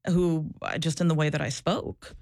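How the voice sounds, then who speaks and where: A woman's voice: sits low, normal speed, vocal fry, a little mellow, dry recording, studio quality. A middle-aged woman, a former social worker, telling her own story in an interview, earnest and emphatic with frequent restarts. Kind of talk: candid personal storytelling.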